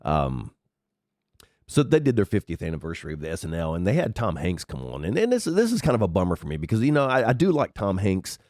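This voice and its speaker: A man's voice: huge pitch swings, fast talker, a little mellow, dry recording, clean studio sound. A man hosting his own podcast, sick and congested with sniffles, talking in a rambling, chatty commentary and swearing freely into a headset mic. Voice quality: unusually deep from a cold. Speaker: podcast host. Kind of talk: casual commentary monologue.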